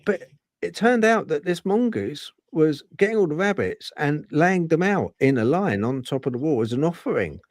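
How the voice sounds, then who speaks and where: Male podcast host, lively up-and-down voice, rambles and restarts, dry close sound. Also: a little high, normal speed, no room sound. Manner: rambling, with many fillers and restarts. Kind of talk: casual storytelling chat.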